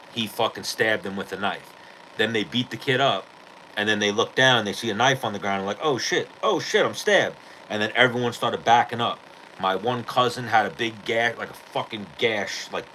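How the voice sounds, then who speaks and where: Man, podcast host, casual storytelling, profane, rambling, fairly low voice. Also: pushed and bright, slight background noise, rough recording.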